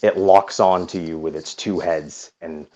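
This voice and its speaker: A man narrating a tabletop game as game master, unhurried and with frequent hesitations. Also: low-pitched, steady tone, mellow, dull audio.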